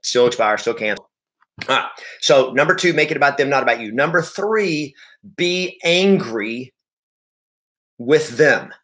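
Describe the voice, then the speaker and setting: A man delivering live motivational sales coaching in an average-pitched voice. He talks with high energy, hammering key phrases more than once. He speaks directly to his audience throughout. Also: animated, a little slow, long pauses, a bit bright. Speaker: real estate sales coach.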